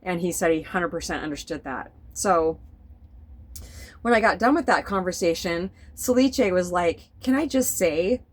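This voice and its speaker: Woman vlogger, rambling spiritual chat, candid, swears a little, voice on the low side. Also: moderate pace, low-quality recording. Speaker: spiritual vlogger drawing cards. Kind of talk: casual spoken vlog monologue. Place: sitting indoors at home.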